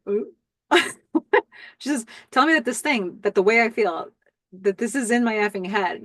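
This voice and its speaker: A woman's voice: medium pitch, no room sound. Chatty woman recapping a TV episode. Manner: chatty, musing aloud with fillers and quick laughs. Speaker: podcast host.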